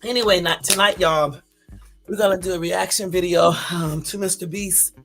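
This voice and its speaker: A woman's voice: lowish voice, fairly even intonation, normal speed, a bit bright, soft background music. A woman hosting a casual live stream, tired and a bit out of breath, chatting loosely and rambling to her viewers. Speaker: YouTube live host.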